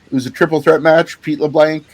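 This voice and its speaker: With a slightly high, flat delivery at a fairly quick clip, a podcast co-host casually recounts a show, telling it animatedly, swearing freely, and laughing frequently.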